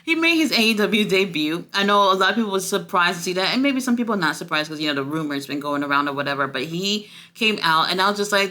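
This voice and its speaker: A woman reviewing a wrestling show in a casual, excitable chat, swearing freely and gushing with lots of fillers. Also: lowish voice, brisk.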